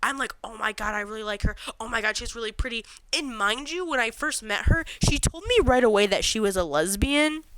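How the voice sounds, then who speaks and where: A woman's voice: high voice, pushed and bright, no room sound, low-quality recording. A young woman telling a personal story in casual chat, gushing and dramatic, acting out her own past lines and laughing often.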